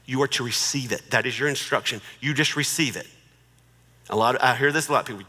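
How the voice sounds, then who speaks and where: Middle-aged guy cracking jokes in a marriage talk, bright voice, long hall echo. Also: mid-range voice, fast talker. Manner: joking, conversational, warmly persuasive. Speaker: marriage speaker.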